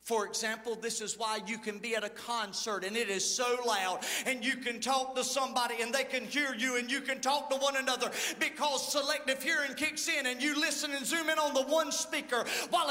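A man preaching a sermon in a very high, sharp, bright voice. He jumps from loud declarations to soft asides and acts out the people in his stories. The sound rings with the long reverb of a church sanctuary. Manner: preaching with sudden swings between loud calls and hushed asides; playful storytelling, acting out the people in his stories. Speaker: lead pastor.

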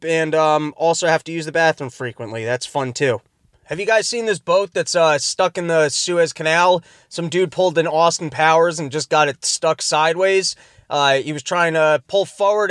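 A man's voice: sits high, a bit bright, no room sound, studio quality. A man hosting a podcast, giving rambling, sarcastic comedic commentary from his car. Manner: rambling, sarcastic, self-interrupting. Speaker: podcast host.

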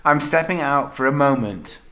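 A man voicing a wounded man who speaks from inside a police box in a text adventure, read out in a plain, calm tone. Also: mid-range voice, normal speed. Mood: startled.

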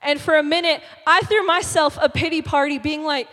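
A young woman giving a sermon as a youth speaker, talking in an animated, chatty, emphatic way. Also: high-pitched, a little fast, few pauses. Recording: long reverb of a large hall.

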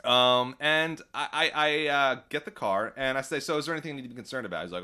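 A man's voice: medium pitch, fast, hardly any pauses, pushed and bright, smooth. A man co-hosting a casual podcast, telling a long rambling story full of fillers and restarts, getting worked up as he goes. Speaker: podcast co-host. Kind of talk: casual chat.

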